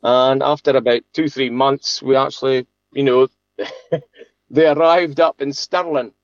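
A man's voice: mid-range voice, steady tone, dry recording, highs cut off. A man, a sheep farmer being interviewed, telling a long story casually with many restarts and laughs. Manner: chatty, halting, laughs often, many restarts.

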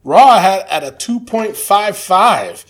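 A man's voice: high voice, animated, unhurried. A man co-hosting a casual chat show, talking hesitantly with lots of fillers and dry verdicts. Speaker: podcast co-host.

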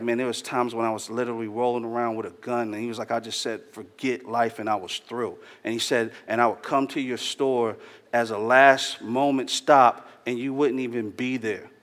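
A man's voice: medium pitch, a bit bright. Slangy preacher man in a reverberant church. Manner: casual storytelling preacher, slangy and earnest. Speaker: pastor. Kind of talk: sermon. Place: church hall. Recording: long hall reverb.

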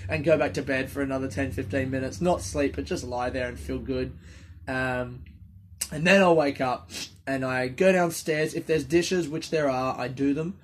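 A man's voice: mid-range voice, moderate pace, a little hiss or hum. A young man with a sniffly nose, hosting his own podcast in a rambling, self-deprecating monologue that swears freely. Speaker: comedian podcast host. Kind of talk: casual solo podcast monologue.

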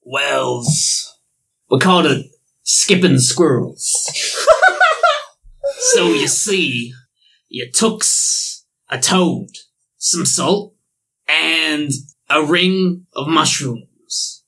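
Guy doing a slow rustic old-timer, gravelly n husky, bright tone. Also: fairly high pitch, full character voice, poor audio. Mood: reminiscing.

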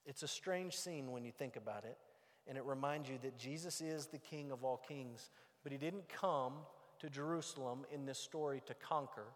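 Man, pastor, sermon, loud emphatic stretches and hushed stretches, long hall reverb. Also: medium pitch, moderate pace.

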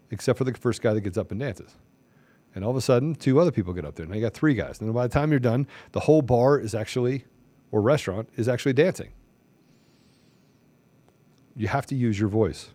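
This middle-aged man hosts a podcast, his medium-pitched, animated voice moving fast but broken by long pauses in a dry recording. He delivers a preachy, impassioned monologue, repeating rhetorical questions and building almost to a shout.

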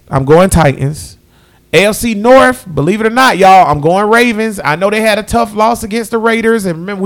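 Man, podcast host, loose casual chat, voice sits a bit high. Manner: loose, chatty, talks to listeners as y'all. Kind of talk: casual sports picks chat.

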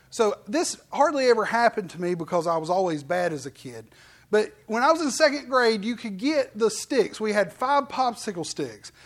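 Full of playful digressions and brief impersonations, this pastor's relaxed, folksy sermon is lively throughout. He is a man with a high voice.

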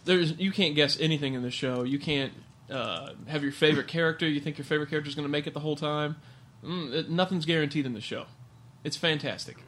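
A man's voice: on the high side, fast, few pauses, fairly bright tone. A man co-hosting a casual podcast, joking and rambling, snacking on air. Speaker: podcast co-host. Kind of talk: casual chat.

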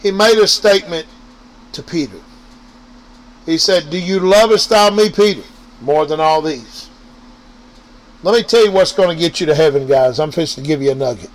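A man's voice: fairly high pitch, rough recording. A man preaching an informal sermon, repeating his points and talking straight to his listeners. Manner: preachy, repetitive, addresses listeners directly. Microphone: online radio or podcast mic.

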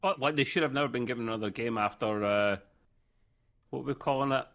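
A man's voice: medium pitch, fast talker, a bit bright. A man co-hosting a casual gaming podcast, blunt, opinionated and jokey. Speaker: podcast co-host.

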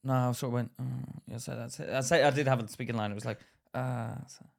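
A man's voice: mid-range voice, fast, vocal fry. A man co-hosting a casual podcast, telling stories with lots of laughter and acted-out quotes. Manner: animated, acts out quotes, laughs a lot. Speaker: podcast co-host. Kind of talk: casual chat, storytelling.

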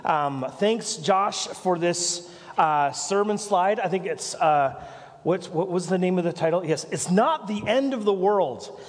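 Man, Canadian accent, pastor preaching, rambling anecdotes with side jokes, fairly high voice, long hall reverb. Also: animated, a little slow. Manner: rambling, self-interrupting storytelling with asides and jokes. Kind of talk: sermon. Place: church.

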